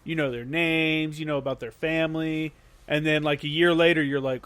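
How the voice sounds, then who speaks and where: A male podcast host with a somewhat high voice chats easily with his guest. He is laid-back and swears freely, dropping short reactions and quick follow-up questions. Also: steady tone, a bit bright, smooth. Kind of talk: casual chat.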